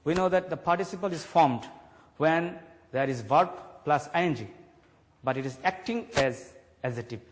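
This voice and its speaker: Man, TV grammar teacher, slow deliberate stress on words, long echo. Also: on the high side, slight background noise. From Bangladesh. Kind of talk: televised English grammar lesson.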